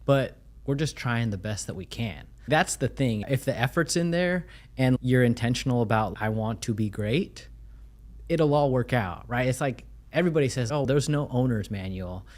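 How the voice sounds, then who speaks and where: A man's voice: medium pitch, expressive, moderate pace, darkish tone. A man hosting a podcast, talking in a friendly, reflective, conversational way. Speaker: podcast host. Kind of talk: casual interview conversation.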